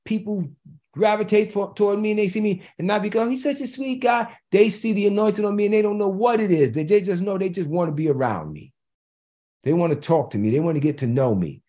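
A man's voice: sits high, darkish tone. A man preaching a sermon in a conversational way, repeating key phrases for emphasis and slipping in joking asides.

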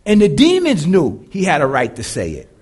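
Deep-voiced man preaching with lively swings. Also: normal speed, slightly rough. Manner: dynamic preaching, swinging between loud and hushed. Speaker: pastor. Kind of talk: live sermon to a congregation.

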